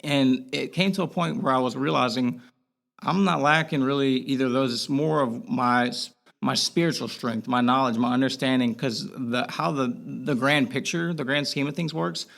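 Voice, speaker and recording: A man's voice: mid-range voice, moderate pace, gravelly, fairly bright tone. Earnest rambling young man. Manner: earnest, rambling, frequent "like" fillers and restarts. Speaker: podcast guest. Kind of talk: candid interview conversation.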